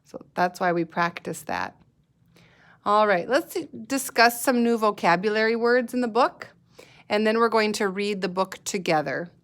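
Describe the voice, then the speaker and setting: Slow, patient woman teaching reading. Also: fairly high pitch, smooth. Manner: slow, patient, sounds out letters and words. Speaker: elementary school teacher. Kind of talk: guided reading lesson for young children.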